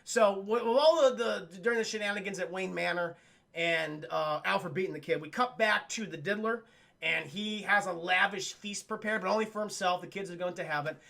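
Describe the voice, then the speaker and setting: A man hosting a live stream, retelling a cartoon episode to his chat in a rambling, profane, animated way. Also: sits high, a little fast, creaky. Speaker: livestream host reviewing cartoons. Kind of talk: casual streamed recap with chat.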